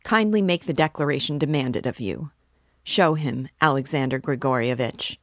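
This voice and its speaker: A huffy, self-important official barks his lines, read by a woman with a low voice. He blusters and takes offense at everything. The sound is dry and close. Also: moderate pace, dry recording. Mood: indignant. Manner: indignant, blustering. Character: irritable male police officer, pompous, easily offended.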